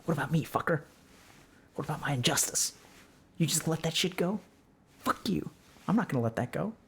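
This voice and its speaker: A man's voice: a little high, expressive, fairly quick, creaky, fairly bright tone, husky, exaggerated voice. A man voicing his own resentful inner mind, bitterly refusing to let go of its anger. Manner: bitter, snarling, profane.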